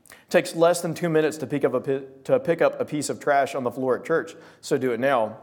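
A young man preaching a sermon to a small gathering, telling stories and acting out quoted voices. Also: medium pitch. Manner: animated storytelling with voiced quotes.

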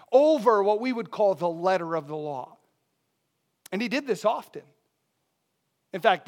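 A pastor with a high, fairly bright voice preaches a sermon conversationally, putting rhetorical questions to the congregation.

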